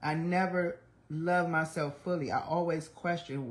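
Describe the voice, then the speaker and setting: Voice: medium pitch, fairly even intonation, a little slow. A person in their forties hosting a livestream, talking in a candid, blunt and often profane confessional monologue. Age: 40s. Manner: emotional, speaks of trying not to cry. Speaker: livestream host.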